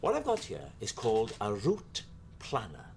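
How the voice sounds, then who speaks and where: A man's voice: lowish voice, wildly swooping pitch, normal speed, creaky, darkish tone, slight background noise, heavily acted. A middle-aged man with a Welsh accent, playing a chatty sitcom character who patiently explains things in a folksy way. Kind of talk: scripted TV comedy acting.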